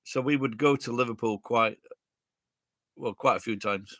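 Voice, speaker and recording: Bright-voiced man in his sixties from Sheffield. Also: mid-range voice, normal speed, dry recording, studio quality. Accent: Sheffield English. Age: 60s. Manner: blunt and chatty, swears freely, answers chat questions aloud. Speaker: livestream host reading viewer comments. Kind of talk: casual chat.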